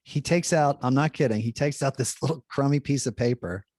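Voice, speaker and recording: Male priest, storyteller, middle pitch, chatty with lots of restarts, acts out quotes; dry close recording. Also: fairly quick, darkish tone, dry recording. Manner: chatty, many fillers and restarts, acts out dialogue. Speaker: Jesuit priest, guest speaker. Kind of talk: animated anecdote telling.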